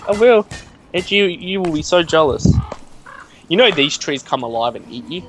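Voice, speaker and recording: Excitable young man, slightly high voice. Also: normal speed, over music. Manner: excitable and chatty, laughs often. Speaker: let's play co-host. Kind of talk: casual gaming chat.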